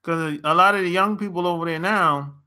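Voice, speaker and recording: A man's voice: high-pitched, fairly quick, pushed and bright. An American man, a relationship coach, giving a blunt casual opinion rant to camera and laughing often.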